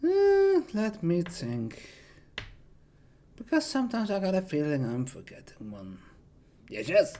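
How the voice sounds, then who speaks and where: A voice-acting streamer casually introducing himself, rambling and self-deprecating, with many hesitations. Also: male voice, a little high, sing-song, measured pace, pauses often, dark tone, a little hiss or hum. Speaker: voice actor streamer.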